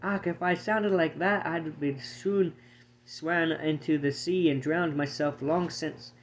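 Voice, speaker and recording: A man's voice: fairly high pitch, fairly even intonation, slow, muffled recording, slight background noise. A man doing a cheeky squirrel. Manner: cheeky, broad brogue. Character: boastful male Scottish squirrel, small and scrappy.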